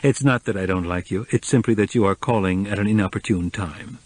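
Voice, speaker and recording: A man narrates an audiobook in a medium-pitched, animated, brisk and natural voice. He portrays a reserved, formal middle-aged man who is patient and speaks with restraint, cool at first and then kind, in a restrained mood.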